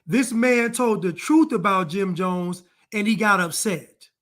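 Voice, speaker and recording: A man's voice: high voice, unhurried, a bit bright. A man delivering an opinion commentary monologue, emphatic and repetitive as he hammers his points home. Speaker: online commentator.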